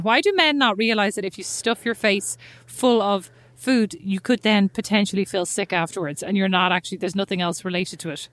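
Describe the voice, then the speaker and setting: A woman co-hosting a podcast in casual, animated, teasing chat. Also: medium pitch, a little fast, no echo. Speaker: podcast co-host.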